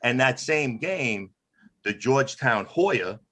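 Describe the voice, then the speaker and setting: A man's voice: mid-range voice, animated, slow, bright, forceful tone. A man from Queens, New York, chatting about old games as a former mascot guest on a video call. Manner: chatty, laughs at his own stories. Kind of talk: casual storytelling on a video call.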